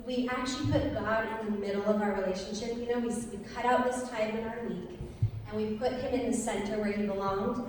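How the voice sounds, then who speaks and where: A young woman giving an earnest, lively personal testimony to an audience, telling her story with laughs. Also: fairly high pitch, slight background noise. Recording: echoey hall, voice from far off.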